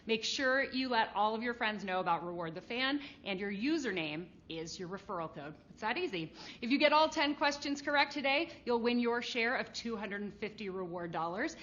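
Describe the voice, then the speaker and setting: Bubbly high-voiced game show host woman. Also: moderate pace, highs cut off. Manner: bubbly, animated, playful with jokes. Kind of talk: upbeat scripted game show hosting.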